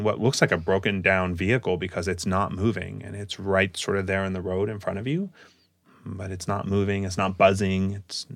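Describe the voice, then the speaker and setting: Deep-voiced man narrating as game master. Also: creaky, a bit bright, dry recording. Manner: descriptive, fillers like "like".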